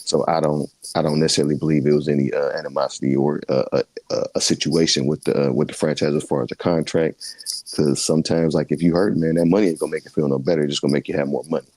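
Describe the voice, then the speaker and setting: A man co-hosting a sports podcast, talking in a rambling, joking, animated way. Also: very deep voice, quick pace, dry recording. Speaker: podcast co-host. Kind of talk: casual sports chat.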